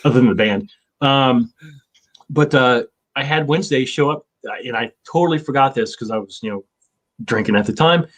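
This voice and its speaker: A man in his fifties, hosting a casual chat, rambling with lots of fillers and swearing. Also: on the low side. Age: 50s. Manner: rambling, profane, with many fillers. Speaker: show host.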